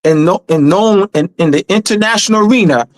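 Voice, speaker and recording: A man with a high voice, recorded dry and close. He hosts a live teaching discussion and drives his points home with emphatic repetition. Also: a little fast, no echo. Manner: emphatic and repetitive, urging listeners. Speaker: host.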